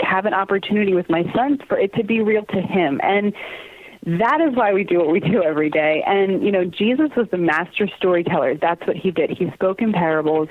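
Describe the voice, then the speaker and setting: A woman in her thirties, a guest in an interview, talking earnestly and warmly about her work and family, laughing often and acting out what others said. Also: mid-range voice, dry recording. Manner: earnest and animated, laughs often, acts out quoted voices. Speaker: guest, theater company communications manager. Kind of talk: casual interview chat. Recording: dry, tinny phone line.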